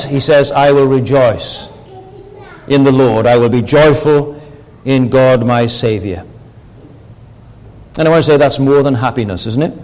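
A preacher delivering a sermon, earnest and building to emphatic rhetorical questions. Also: male voice, mid-range voice, darkish tone, in a large hall, rough recording. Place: church.

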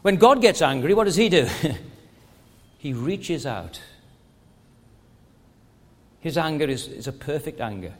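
Man, preacher, high voice, earnest sermon, rhetorical questions, stammering restarts, long hall reverb. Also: sing-song, a little fast, hardly any pauses.

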